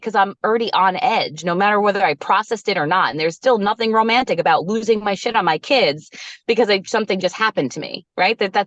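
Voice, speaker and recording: A woman in her thirties tells a personal story in a candid, conversational way. Her pitch climbs high when she acts out what she and others said. The audio is dry and a little dull. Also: no room sound. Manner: animated, acts out her own quoted lines. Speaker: podcast guest, resilience coach.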